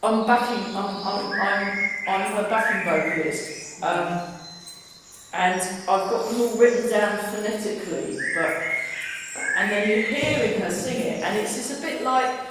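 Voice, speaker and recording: London woman tai chi teacher, talky and relaxed, distant mic in a reverberant hall. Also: mid-range voice, measured pace. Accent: London English. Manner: chatty, restarts sentences. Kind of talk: guiding a class through exercises. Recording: echoey hall, distant mic, loud background noise.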